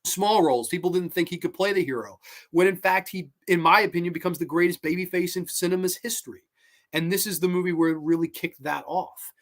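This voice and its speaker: A man's voice: high-pitched, brisk. Rambling enthusiastic man hosting a movie talk. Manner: enthusiastic, rambling, many fillers; hums and sings snatches of film music. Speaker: host. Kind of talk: casual live-stream movie talk.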